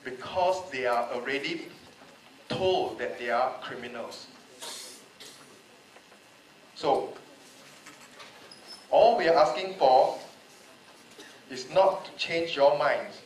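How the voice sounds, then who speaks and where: Malaysian guy pleading hard at a debate, voice a touch high, echoey hall, faint hiss. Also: takes it slowly, pauses often. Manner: emotional, pleading, repeats rhetorical questions. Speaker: panel speaker. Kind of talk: impassioned public debate speech. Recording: echoey hall, voice a bit far off.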